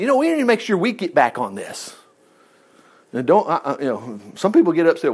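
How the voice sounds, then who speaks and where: A man preaching a folksy, animated sermon, reading scripture, acting out the quoted lines and laughing often. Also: a little high, fairly quick, slightly rough.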